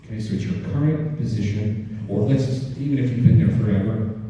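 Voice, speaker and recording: A man's voice: fairly low pitch, brisk, far from the mic, muffled recording, a little hiss or hum. Storytelling man in an echoey hall. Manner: animated storyteller, frequently asking "right?". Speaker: keynote speaker. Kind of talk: conference keynote storytelling. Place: large conference hall.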